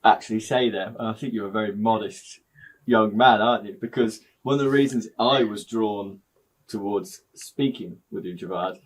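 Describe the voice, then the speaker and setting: A man's voice: lowish voice, moderate pace, breathy edge. Upbeat man hosting a podcast. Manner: upbeat, jokey banter. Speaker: podcast host. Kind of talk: casual interview chat.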